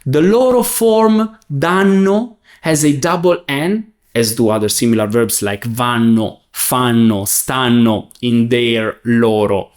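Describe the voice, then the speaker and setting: A man teaching a beginner grammar lesson, saying each verb form clearly and translating it in a patient, careful way. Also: mid-range voice. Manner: patient, spells out forms and translates each one. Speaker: Italian teacher.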